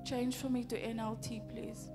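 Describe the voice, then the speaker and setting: A South African woman pastor delivers an impassioned sermon packed with rhetorical questions, her voice a little high and level, her pace normal. Her words echo through a church hall with soft music behind.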